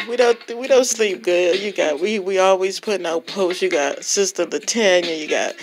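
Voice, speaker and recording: A woman's voice: on the low side, moderate pace, hardly any pauses, soft background music. A woman giving an impassioned, exhorting testimony as a religious vlogger, repeating herself for emphasis. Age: adult with a child and parents. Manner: fervent, exhorting, repetitive.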